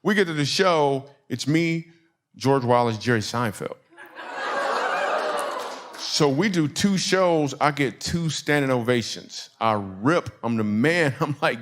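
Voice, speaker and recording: A man's voice: medium pitch, expressive, moderate pace, fairly bright tone. A man from Michigan doing a stand-up comedy set, telling a story and acting out the people in it. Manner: storytelling with acted-out quotes and audience laughs.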